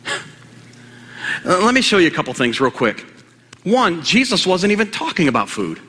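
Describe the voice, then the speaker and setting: A man preaching a sermon in an animated, conversational way, firing rhetorical questions at the congregation. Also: high voice, moderate pace, big-room sound.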